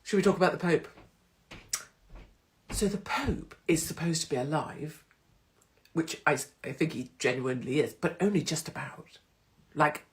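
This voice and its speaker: A woman hosting a casual live stream from her phone, irreverent and sweary, slipping into mocking voices. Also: low-pitched. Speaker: host of a live social media stream.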